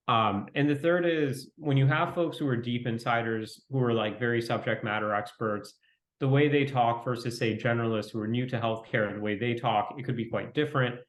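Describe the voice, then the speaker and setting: Quick, even-toned man in a roomy echo. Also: medium pitch. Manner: quick, fairly monotone, reflective. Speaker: venture capitalist guest. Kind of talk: conversational interview.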